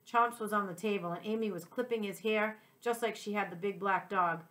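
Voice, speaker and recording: A woman, a second-grade teacher, reading a children's chapter book aloud in a gentle, clear way, with small slips she corrects. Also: medium pitch, a little fast.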